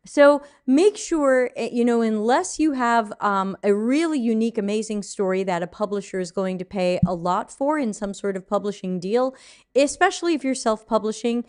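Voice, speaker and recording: A woman's voice: fairly high pitch, expressive, moderate pace, darkish tone, clear, resonant tone. A woman hosting a live stream, chatting casually about writing and publishing, chatty and self-deprecating with frequent laughs. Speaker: podcast host and author.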